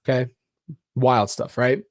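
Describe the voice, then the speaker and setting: A man's voice: medium pitch, steady tone, slow pace, no echo. Frustrated man talking bluntly, dry sound. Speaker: channel host. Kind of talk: casual commentary vlog.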